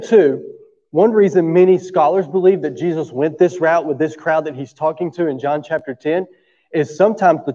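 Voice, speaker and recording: A man's voice: a little high, dark tone, big-room sound, dull audio. Male pastor preaching a conversational sermon. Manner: conversational, asks the room for agreement often. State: coughing from allergies.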